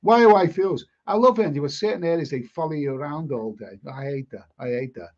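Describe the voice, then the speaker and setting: This fairly high-voiced older man from Liverpool chats casually on his live stream, reading out comments at a fairly quick clip. His animated delivery has a darkish tone, and he rambles, repeats words and swears bluntly over dull, lo-fi sound.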